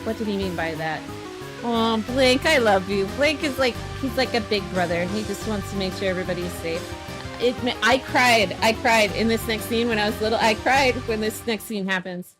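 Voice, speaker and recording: A woman's voice: a little high, moderate pace, music in the background. A woman streamer giving casual live commentary on a game, chatty and emotional, with frequent fillers.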